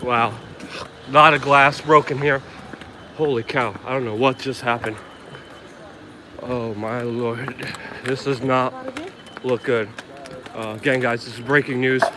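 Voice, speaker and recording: A man's voice: medium pitch, fairly even intonation, unhurried, long pauses. A man reporting live on the scene as an independent reporter, shaken and exclaiming over and over while filming with a handheld camera outdoors. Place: outdoors on a city street. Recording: loud street noise outdoors.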